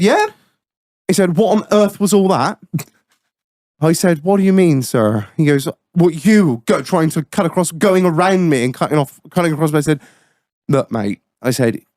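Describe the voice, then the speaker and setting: Podcast host, man, profane and lively, dry booth sound. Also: fairly high pitch, moderate pace, no room sound. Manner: profane, animated storytelling. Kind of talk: casual chat, storytelling.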